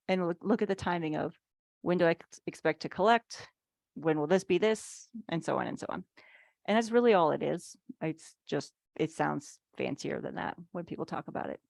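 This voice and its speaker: A woman with a low, gravelly voice leads a relaxed online workshop for business owners. She talks in a chatty, easygoing way, full of "like"s and little acted-out asides. Her voice sounds dry and close over a video call, with no room echo. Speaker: financial speaker. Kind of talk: casual workshop teaching.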